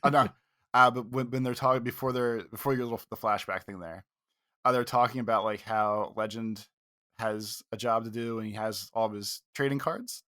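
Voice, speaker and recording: A man's voice: medium pitch, fairly even intonation, normal speed, sharp tone, no echo, clean studio sound. A man co-hosting a casual reaction podcast, talking in a rambling, wry way. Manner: rambling, wry, acts out quotes. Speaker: podcast co-host.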